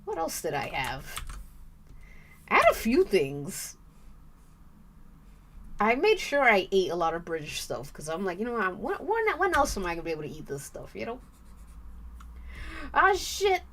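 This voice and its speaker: A woman's voice: medium pitch, big pitch swings, moderate pace, long pauses, fairly bright tone, a little hiss or hum. A young woman streaming while she draws, chatting casually and rambling with the odd swear word. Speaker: art streamer.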